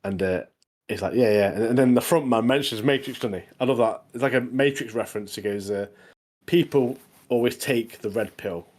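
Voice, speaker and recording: A man's voice: medium pitch, fast talker, a little mellow. A man co-hosting a podcast, recapping in a loose, rambling way with many tag questions. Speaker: podcast co-host. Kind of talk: casual chat.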